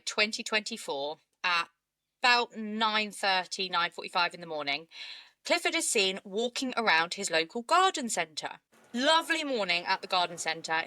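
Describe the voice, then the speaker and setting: A woman co-hosting a casual true-crime podcast, animated and outraged, often laughing. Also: medium pitch, no echo. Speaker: podcast co-host.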